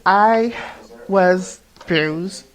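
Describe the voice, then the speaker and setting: A man's voice: high-pitched, drawn-out words, fairly bright tone. A man in his twenties hosting a podcast, rambling and repeating himself as he tells a personal story in a casual confessional monologue, often breaking off mid-thought. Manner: rambling and repetitive, with many restarts. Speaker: podcast host.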